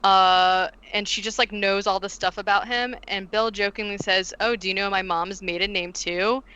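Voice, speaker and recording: A woman on a podcast retells a movie in a lively, chatty way, peppering every sentence with "like" and slipping into the characters' lines. Her voice is bright and crisp. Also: medium pitch, moderate pace, muffled recording. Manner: animated, heavy use of "like", acts out quotes. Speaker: podcast co-host recapping a film. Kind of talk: casual chat.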